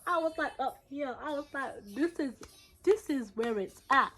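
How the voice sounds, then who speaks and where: A young woman tells a story in a high, bright voice, slangy and repetitive, jumping into loud acted-out quotes. Soft music plays underneath. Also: normal speed. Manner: animated, acts out quotes with loud bursts and laughter. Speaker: vlogger. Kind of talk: casual storytime.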